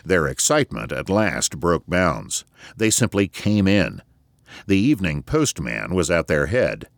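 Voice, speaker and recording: A man narrating an audiobook in an expressive, measured storytelling manner, recorded on a close studio mic. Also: sits low, creaky, no echo.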